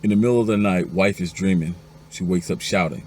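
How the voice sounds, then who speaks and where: A very deep-voiced man tells jokes one after another in a mellow, dark tone. He acts out the lines of the husbands, wives and doctors, rising to a high pitch for the women. A faint hiss of noise runs beneath the recording. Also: fairly quick, some chatter behind. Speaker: joke teller. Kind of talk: telling a string of jokes.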